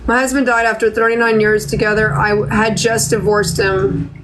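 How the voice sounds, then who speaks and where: A psychic medium hosts a live reading stream, her medium-pitched voice moving little in pitch at a moderate pace. She chats to viewers tearfully, sounding choked up. Background noise is audible.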